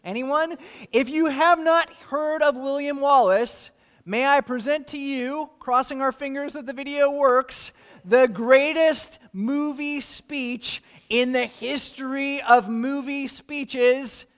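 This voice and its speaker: A man's voice: very high voice, fairly even intonation, takes it slowly, a bit bright, in a large hall. A man preaching a sermon as pastor, joking dryly in asides and then stacking earnest rhetorical questions.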